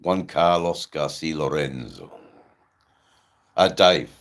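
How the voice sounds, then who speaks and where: A middle-aged Australian man with a persistent cough, hosting a casual livestream in a slow, rambling way with frequent ums. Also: very deep voice. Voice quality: gravelly. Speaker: livestream host. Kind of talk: casual livestream chat reading comments.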